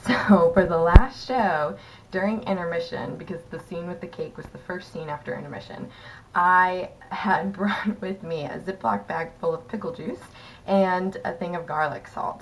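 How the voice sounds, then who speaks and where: A young woman with a fairly low voice tells an anecdote in a casual, chatty way. She fills her sentences with "um" and "like" and laughs often as she talks. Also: a little hiss or hum, rough recording. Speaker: former theater company member. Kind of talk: casual storytelling.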